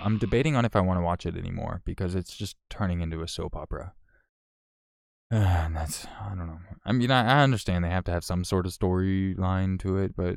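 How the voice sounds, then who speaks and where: A man's voice: low voice, clear, resonant tone, no echo, clean studio sound. A man casually chatting on a live stream, frank and profane, rambling with restarts as he answers viewers.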